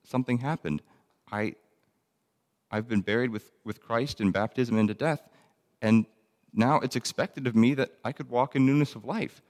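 A man's voice: mid-range voice, normal speed, long pauses, a little mellow, big-room sound. A man teaching a Bible lesson in a conversational way, reading verses aloud between plain explanations with frequent ums and restarts.

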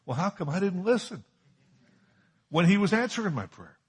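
A man's voice: sits high, sing-song, fairly quick, gravelly, husky. A man preaching a sermon as a pastor, emphatic and repeating key phrases for stress.

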